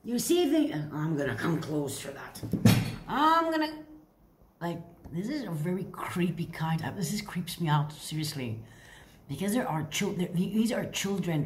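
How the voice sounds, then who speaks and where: Playful woman reading tarot, echoey room. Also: fairly low pitch. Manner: playful and chatty, asking rhetorical questions and answering them. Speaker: tarot reader. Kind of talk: casual tarot reading to camera. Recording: echoey room with faint hiss.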